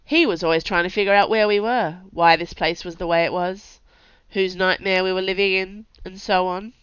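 A woman's voice: on the low side, fairly even intonation, moderate pace, a bit bright, clear, resonant tone, no room sound, lo-fi sound, natural voice. A woman voicing a cocky, restless young male warrior who talks in brash, teasing outbursts. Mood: breezy.

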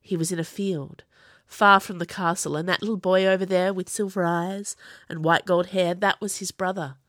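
A woman narrating an audiobook in an expressive reading voice. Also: fairly low pitch, normal speed, no echo, clean studio sound.

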